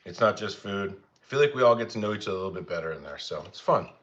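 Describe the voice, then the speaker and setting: A young man hosts a laid-back cooking livestream, his voice expressive, racing and a bit bright as he rambles easily with viewers. He switches to a higher voice when talking to his dogs. The lo-fi recording sounds slightly dull.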